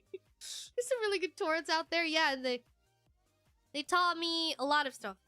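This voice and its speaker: A woman's voice: sits high, sharp tone, clean tone, dry recording. A woman streamer chatting casually and reading chat aloud, giggly and rambling with lots of fillers.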